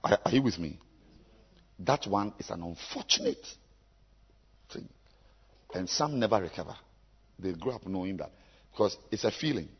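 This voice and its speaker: A man preaching a sermon to his congregation, emphatic and repetitive, with sudden loud bursts. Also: sits low, animated, moderate pace, long pauses, breathy edge. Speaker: pastor. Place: church. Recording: echoey church hall, dull lo-fi sound.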